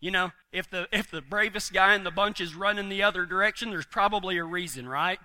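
A man's voice: high-pitched, brisk, bright, forceful tone. A man preaching a folksy sermon, telling stories with homespun humor and chuckles.

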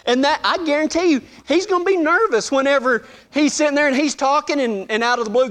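A man's voice: very high voice, a little fast, hardly any pauses, fairly bright tone. A man preaching a sermon, telling funny personal stories and acting out the voices in them with a self-deprecating humor.

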